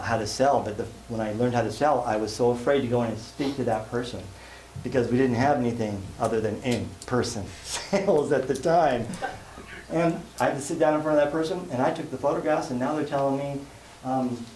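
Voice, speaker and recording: A man's voice: mid-range voice, darkish tone. Guy doing a folksy sales talk in an echoey hall, jokey and self-deprecating, a bit of room hum. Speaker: sales seminar speaker. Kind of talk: live conference talk. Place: conference hall before an audience. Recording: echoey live hall, faint room noise.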